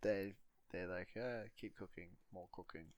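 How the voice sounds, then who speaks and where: A man's voice: deep voice, fairly even intonation, unhurried, dry recording, muffled recording. A man co-hosting a film review podcast, casually retelling scenes and swearing now and then. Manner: retells scenes with acted quotes, laughs, swears. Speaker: podcast co-host.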